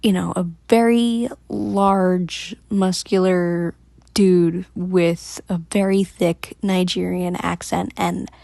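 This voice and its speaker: A woman vlogger telling a story to camera in a chatty, animated way, laughing between lines. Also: on the low side, slow pace, creaky, dry recording.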